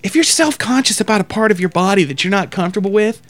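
A man on his podcast tells vulgar, meandering comic stories laced with profanity, voicing other people's quotes in exaggerated style. His voice sits high, expressive and fast.

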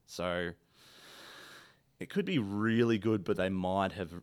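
A man's voice: low-pitched, takes it slowly, darkish tone, clean tone. A man co-hosting a casual podcast chat, laid-back and wry. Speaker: podcast co-host.

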